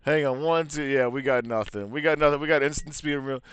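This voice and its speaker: A man's voice: mid-range voice, quick pace, fairly bright tone, clean tone, no echo. A man casually commentating a card game, joking around and laughing at his own bits. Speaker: gameplay commentator.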